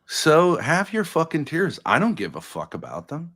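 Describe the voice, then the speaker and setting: A man's voice: fairly high pitch, huge pitch swings, moderate pace, fairly bright tone. A man in a heated argument on a live stream, blunt, confrontational and swearing freely.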